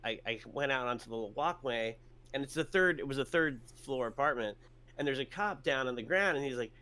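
Bright-voiced man telling a rambling story. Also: medium pitch, animated, brisk. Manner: rambling, full of fillers and restarts; swears casually. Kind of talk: casual storytelling chat.

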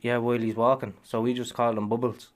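A man co-hosting a casual podcast, telling lively, laughing stories and putting on the voices of workmates. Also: mid-range voice, quick pace, heavy background noise. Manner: loud laughing storyteller, puts on voices of workmates. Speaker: podcast co-host. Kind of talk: casual banter.

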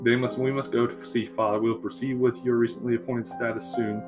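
A man voicing a steady, dutiful young male prince who speaks in a measured, formal way. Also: mid-range voice, music in the background, close to an everyday voice.

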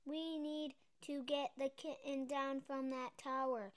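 A woman's voice: high voice, level tone, takes it slowly. Woman reading as a confident boy leader. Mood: encouraging.

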